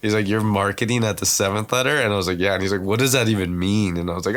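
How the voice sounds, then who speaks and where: A man's voice: fairly low pitch, fairly even intonation, fairly bright tone. A man as a podcast guest, telling stories in loose, slangy casual talk full of fillers, acting out what others said. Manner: slangy, quotes others' words in quick reenactments. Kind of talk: casual storytelling chat.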